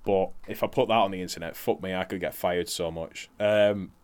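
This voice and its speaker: A man's voice: sits low, fairly even intonation, a little fast, darkish tone, smooth. A young man, chatting casually, swearing freely and laughing through his stories while commentating on wrestling. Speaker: co-host.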